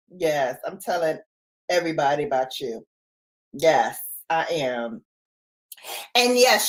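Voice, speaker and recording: A woman in her forties talks casually to her live audience from home. She laughs often and keeps a playful tone. Her delivery is unhurried, and her voice rises and falls widely. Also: deep voice, animated. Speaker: livestream host. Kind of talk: casual chat with live viewers.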